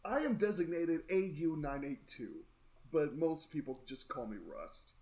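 A man voicing a big friendly robot who talks in halting, kindly bursts. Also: fairly high pitch, expressive, darkish tone.

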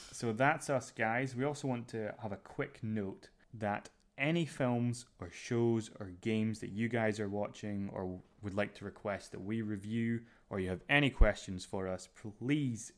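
A man's voice: on the low side, unhurried, few pauses. A man co-hosting a podcast, chatting casually as he runs through a list of upcoming shows. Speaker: podcast co-host. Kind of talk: casual chat.

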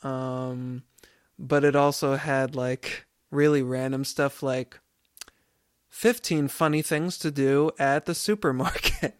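Smooth-voiced podcast host rambling. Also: male voice, mid-range voice, fairly even intonation, takes it slowly, no room sound, clean studio sound. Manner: rambling, laughs often, many fillers. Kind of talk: casual chat.

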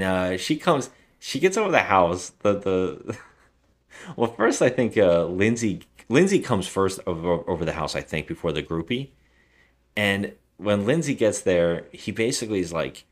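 A man's voice: on the low side, very animated, normal speed. A man co-hosting a podcast, retelling a film's plot in casual, rambling chat. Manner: rambling retelling with acted quotes. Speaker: podcast co-host. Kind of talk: casual movie recap chat.

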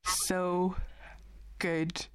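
Woman, Northern Irish accent, twenties, casual podcast chat, animated storyteller, low-pitched. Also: extremely slow, clear, resonant tone. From Northern Ireland. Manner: animated storytelling, acts out quoted voices. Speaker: podcast co-host.

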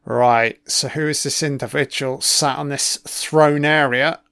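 A man's voice: mid-range voice, steady tone, unhurried, vocal fry, a bit bright, smooth, dry recording, clean studio sound. A man giving a casual first-watch film commentary, reacting with profane, sarcastic remarks.

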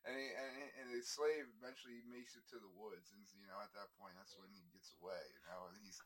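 A man's voice: fairly low pitch, fairly bright tone. A man on a comedy podcast works his way through a long story in loose, casual chat. He stumbles over fillers, restarts his sentences, and keeps breaking into chuckles as the bit unfolds. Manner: rambling storyteller, halting with many fillers and chuckles.

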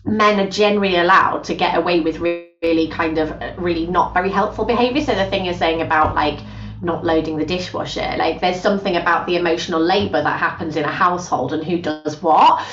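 A woman, a guest on a podcast, talking in a lively conversational way and acting out quoted voices. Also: lowish voice, a little fast. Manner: animated, acts out quoted voices. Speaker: podcast guest, gender justice specialist. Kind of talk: conversational interview. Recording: roomy, distant, dull podcast audio.

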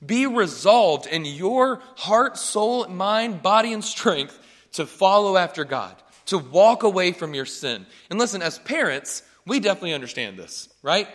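Young pastor, man, bright and a bit high, casual joking sermon, church hall echo. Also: big pitch swings, unhurried. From North Carolina. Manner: chatty, joking, asks "right?" often.

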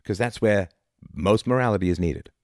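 Deep-voiced man arguing philosophy. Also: moderate pace, darkish tone, no echo, clean studio sound. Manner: argumentative, rhetorical, many "right?" asides. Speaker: philosophy lecturer. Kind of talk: informal philosophy talk.

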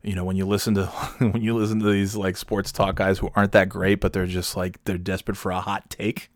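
Lowish voiced guy ranting on his show, sarcastic, swears a ton, dry close sound. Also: little pitch movement, fairly quick, no echo. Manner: profane, sarcastic, rambling. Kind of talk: casual talk-show rant.

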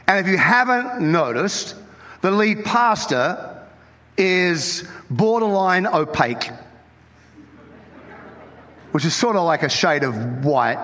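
A man with an Australian accent, the lead pastor, preaching an animated, joking sermon. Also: fairly high pitch. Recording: long hall reverb.

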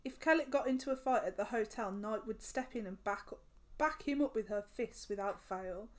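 A woman's voice: a little high, moderate pace. A woman co-hosting a podcast, reading a true-crime story aloud in a casual, giggly way and swearing freely. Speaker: podcast co-host.

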